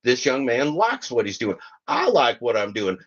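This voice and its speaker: A man's voice: mid-range voice, huge pitch swings, normal speed, muffled recording. A man hosting a podcast, giving rambling, sardonic commentary and often repeating himself. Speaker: podcast host.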